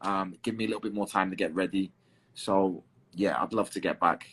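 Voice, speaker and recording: A man's voice: deep voice, fairly even intonation, a little fast, fairly bright tone, husky. A man with a London accent chatting in an interview as a guest fighter, swearing casually and filling with "um" and restarts. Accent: English, London.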